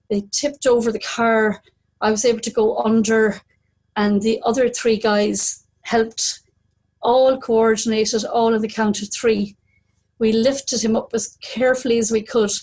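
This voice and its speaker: A woman's voice: fairly high pitch, darkish tone, poor audio. A middle-aged woman telling a true story at a live storytelling event, vivid and dramatic. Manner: vivid, dramatic retelling with acted quotes.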